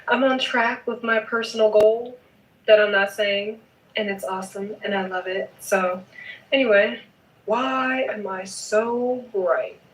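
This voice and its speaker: Chatty woman vlogger, slow unhurried delivery, mic a fair way off in a roomy space. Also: medium pitch, a bit bright, far from the mic. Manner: chatty, playful, emphatic with repeated "okay?". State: sleepy at night. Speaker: knitting vlogger. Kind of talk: casual vlog chat.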